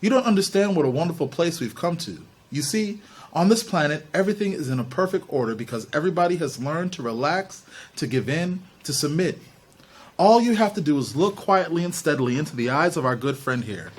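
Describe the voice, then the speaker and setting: A man's voice: on the high side, lively intonation, fairly quick, slightly rough. A man voicing a possessed little boy who speaks in a bland, coaxing, falsely reasonable way.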